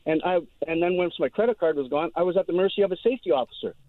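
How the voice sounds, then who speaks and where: A man calling in to a radio show, telling his story quickly and rambling, often repeating words. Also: high-pitched, no echo. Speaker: caller. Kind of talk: phone-in storytelling. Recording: tinny dry phone line.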